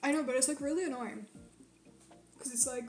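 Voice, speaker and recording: A woman's voice: high-pitched, brisk, faint music behind. A young woman streaming to her chat, rambling and swearing a lot as she rants. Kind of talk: casual chat with live chat. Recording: roomy echo.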